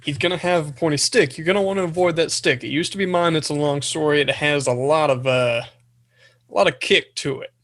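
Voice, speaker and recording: A man's voice: fairly high pitch, brisk, fairly bright tone. A man playing a tabletop role-playing game, joking around and talking in character in a casual way. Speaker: player.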